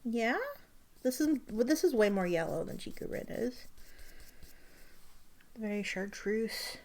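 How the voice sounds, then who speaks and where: Soft-spoken woman with vocal fry. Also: mid-range voice, animated, unhurried. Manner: chatty and soft-spoken, often dropping to a half-whisper. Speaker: stationery vlogger. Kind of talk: casual show-and-tell while swatching ink.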